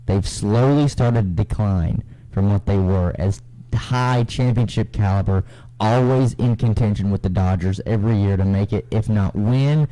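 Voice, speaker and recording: A young man co-hosting a casual radio sports talk show, reading standings in a relaxed, drawling way. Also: on the low side, rough recording. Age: young adult.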